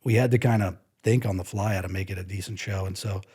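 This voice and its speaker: Husky man telling road stories. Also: deep voice, fast. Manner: animated, acts out other people's lines. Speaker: guest musician. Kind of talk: casual storytelling.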